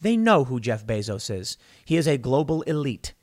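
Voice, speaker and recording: A man's voice: mid-range voice, sing-song, moderate pace, darkish tone. A man hosting a solo political commentary show, talking in an opinionated, conversational way with emphatic stresses and frequent restarts.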